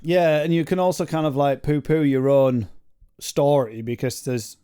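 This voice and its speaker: A man's voice: a little high, steady tone, normal speed, mellow, clean tone. A man co-hosting a podcast, chatting casually and eagerly, agreeing and laughing a lot. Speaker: podcast co-host. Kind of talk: casual chat.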